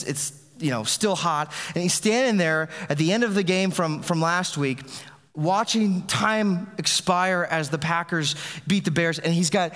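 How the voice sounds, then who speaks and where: Male pastor mid-sermon, slightly high voice, conversational, many restarts, echoing sanctuary sound. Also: a bit bright. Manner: conversational preaching with frequent restarts. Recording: long reverb of a large hall.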